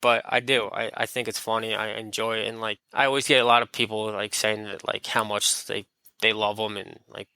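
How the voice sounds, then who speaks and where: A man's voice: lowish voice, level tone, a little fast, sharp tone, clean tone, no echo. A man being interviewed on a podcast, talking in a laid-back, rambling way with lots of fillers. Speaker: podcast guest. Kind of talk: casual interview chat.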